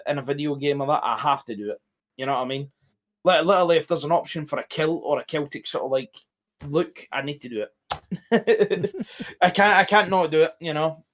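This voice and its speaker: A man's voice: on the high side, fairly quick. A man talking as a guest in casual podcast chat, swearing often and rambling emphatically.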